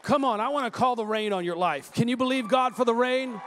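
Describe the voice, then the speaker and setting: A guest minister with a strikingly high voice tells stories from the pulpit. His delivery is animated, full of quick restarts and repeated words, moving into prophecy. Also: a faint crowd, slight background noise. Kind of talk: sermon with storytelling and prophecy.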